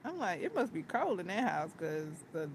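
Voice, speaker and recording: A woman's voice: lowish voice, very animated, normal speed, a little hiss or hum. A woman vlogger chatting casually about a movie, giggling often and repeating her words.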